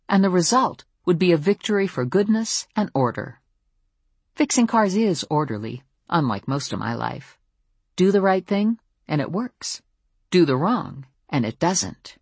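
Low husky woman reading an audiobook. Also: dry recording. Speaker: audiobook narrator. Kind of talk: first-person audiobook narration.

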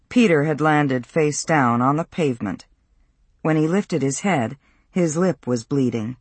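Measured audiobook narrator, dry sound. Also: male voice, fairly high pitch, slightly rough, no echo.

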